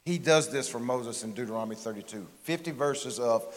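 Man, middle-aged pastor, folksy conversational sermon, mid-pitched voice, long church-hall reverb. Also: a little fast. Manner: folksy, candid, often restarts phrases. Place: church sanctuary.

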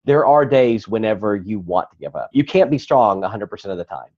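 Man, earnest, personal story, mellow voice, muffled sound. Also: fairly low pitch, lively intonation, fairly quick. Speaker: guest.

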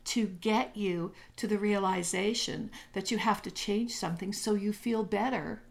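A woman's voice: mid-range voice, unhurried, creaky. A woman coaching on spirituality in a podcast chat, telling stories and acting out voices as she goes. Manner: animated, acts out voices in stories. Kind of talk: casual podcast chat, storytelling.

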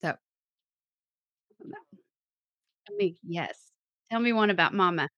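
A woman's voice: mid-range voice, measured pace, no room sound, highs cut off. A woman co-hosting a podcast, chatting casually and laughing often as she tells stories. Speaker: podcast co-host. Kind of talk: casual chat.

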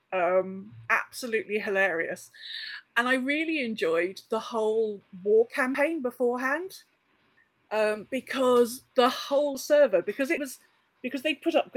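Chatty woman telling a gaming story. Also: on the high side. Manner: chatty, storytelling with many fillers and restarts. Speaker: podcast guest. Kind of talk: casual chat.

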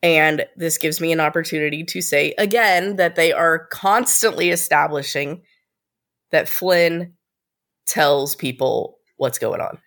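Low-voiced woman recapping a TV episode. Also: unhurried, a bit bright. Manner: laughs often while talking, thoughtful asides. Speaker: co-host. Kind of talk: casual TV recap chat.

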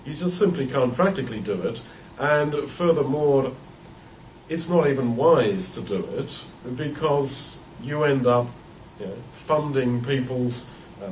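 A man's voice: mid-range voice, a little mellow, slight background noise. Man teaching Bible study, roomy and distant. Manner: thoughtful, explanatory, with frequent restarts and repeated words. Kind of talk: unscripted Bible study talk. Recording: roomy echo, heard from a distance.

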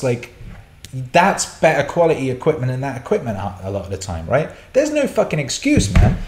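A man's voice: mid-range voice, darkish tone. A middle-aged man hosting a casual livestream Q&A, blunt and sweary as he rants and answers chat questions. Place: indoor room. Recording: roomy echo.

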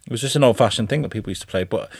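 A man's voice: medium pitch, very fast, gravelly, a little mellow, breathy edge, no room sound, clean studio sound. A man with a British accent, co-hosting a podcast in casual, swearing banter, laughing often. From England. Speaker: podcast co-host.

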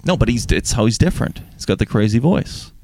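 A man's voice: fairly low pitch, lively intonation, brisk, a little mellow, no room sound. Teasing, rambling man on a podcast. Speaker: podcast co-host. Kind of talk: casual comedic chat.

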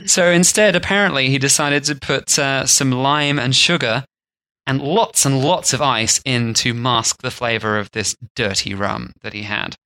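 Man, podcast co-host, casual storytelling, bright tense tone, playful asides. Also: mid-range voice, normal speed, no room sound. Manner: storytelling, puts on mock accents for humor. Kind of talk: casual chat.

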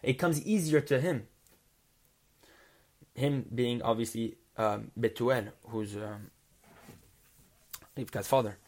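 A man teaching a text study lesson. He reads Hebrew lines quickly, then explains them in English and often restarts his phrases. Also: mid-range voice, a little mellow. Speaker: Torah teacher.

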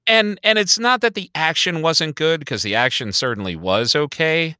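A man's voice: fairly high pitch, lively intonation, normal speed, sharp tone, clean tone, dry recording, studio quality. A man co-hosting a podcast, chatting casually and animatedly about movies, with sighs and swearing. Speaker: podcast co-host. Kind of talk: casual movie review chat.

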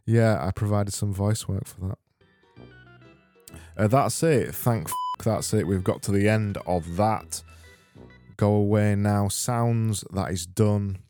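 A man's voice: on the low side, takes it slowly, dark tone, faint music behind. A man from Britain hosting a comedic solo podcast, rambling and sardonic as he reads listener messages. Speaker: podcast host.

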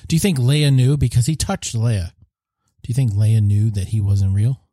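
A man chatting casually about a film, getting excited and jumping up in pitch when he quotes his own reactions. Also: moderate pace, dry recording, clean studio sound. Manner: excitable, swings up when quoting himself. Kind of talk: casual chat.

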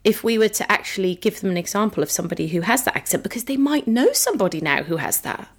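Woman on a podcast, chatty, teasing, mid-pitch voice. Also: expressive, fast talker, breathy edge. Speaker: podcast co-host. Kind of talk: casual chat.

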